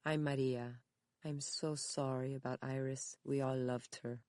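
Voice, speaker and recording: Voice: medium pitch, flat delivery, a little slow, darkish tone, dry recording, lightly acted. A narrator voicing a hesitant, guarded young woman who answers in short replies, close to the narrator's own voice. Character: hesitant young pregnant mission worker, guarded. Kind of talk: audiobook character reading.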